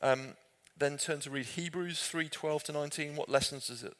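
A man's voice: fairly high pitch, normal speed. Man leading a Bible study. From Britain. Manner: conversational, self-correcting, gently humorous. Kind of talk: group Bible study teaching.

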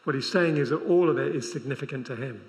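A man's voice: mid-range voice, quick pace. A man preaching a sermon at a large convention, talking conversationally with wry humorous asides. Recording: long reverb of a large hall.

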